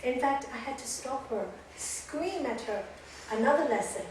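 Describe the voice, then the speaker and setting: A woman yoga teacher giving a spiritual talk to students, telling stories with lively energy and frequent laughter, recorded in an indoor venue. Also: high-pitched, normal speed. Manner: animated storytelling with frequent laughter. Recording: echoey room, distant mic, faint noise.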